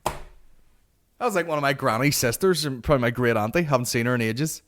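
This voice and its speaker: A man's voice: mid-range voice, fast, a bit bright, a little hiss or hum. Sweary Northern Irish man ranting. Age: late 20s. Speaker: podcast host. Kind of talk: comic storytelling monologue.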